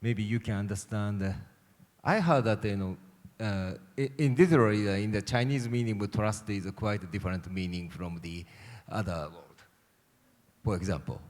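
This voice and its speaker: Low-voiced guy on a panel, lots of uhs and pauses, echoey hall. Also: darkish tone. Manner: hesitant, searching for words, many fillers. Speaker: panelist, government official. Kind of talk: answering a question on a panel. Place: conference hall. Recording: reverberant conference hall.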